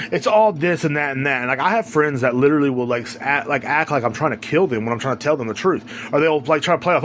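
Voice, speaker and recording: A man's voice: mid-range voice, quick pace, hardly any pauses, fairly bright tone, slight background noise. A man hosting a podcast, ranting alone in a heated, rambling, profane way. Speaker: podcast host. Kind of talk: casual ranting monologue.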